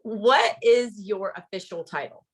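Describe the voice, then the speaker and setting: A woman's voice: mid-range voice, a little slow, husky. A woman co-hosting a casual chat from a home, bubbly and giggly, recorded on a tablet. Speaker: co-host. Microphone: iPad.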